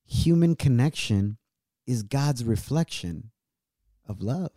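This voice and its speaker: A man's voice: mid-range voice, lively intonation, takes it slowly, warm tone, dry recording. A man in his thirties hosting a show from his home studio, talking earnestly and emotionally and slipping Spanish phrases into his English. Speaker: show host. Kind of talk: heartfelt casual chat.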